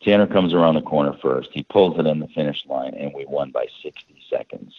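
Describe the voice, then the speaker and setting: Deep-voiced man on a tinny line. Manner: rambling, halting, many restarts. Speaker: guest. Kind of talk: casual storytelling. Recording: phone-like line.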